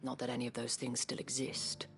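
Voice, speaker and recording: Worried noblewoman, formal eloquent speech, hushed at times, faint hiss behind. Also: a bass voice, monotone, brisk. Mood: troubled.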